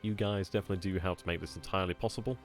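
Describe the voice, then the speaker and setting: A low-pitched man talking casually as the host of a strategy gaming channel. He is chatty and informal, with the odd bit of swearing. Soft music plays faintly underneath. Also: steady tone, rapid-fire. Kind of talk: casual video outro chat.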